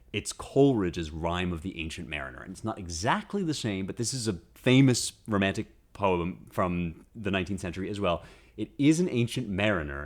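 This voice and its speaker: A man hosting a casual lecture on poetry, eager and chatty, reading verse aloud with a strong beat. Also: sits low. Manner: enthusiastic, reads verse aloud with rhythm. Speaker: host.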